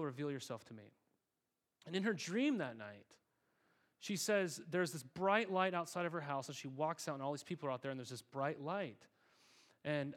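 A male pastor preaching a sermon, telling a story in an earnest, conversational way and calling the congregation "guys". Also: a little high.

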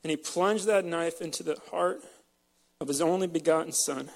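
A man's voice: a little high, normal speed, vocal fry, a little mellow. A man preaching a sermon with passion, emotional and choked up, often repeating words as he presses a point. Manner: impassioned, emotional, repeats words when stirred. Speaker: pastor.

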